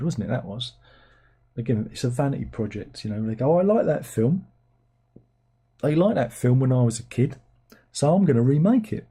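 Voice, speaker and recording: A man with a mid-range, dark voice and a breathy edge hosts a casual livestream, ranting and rambling sarcastically about films. He mocks things by putting on plummy voices.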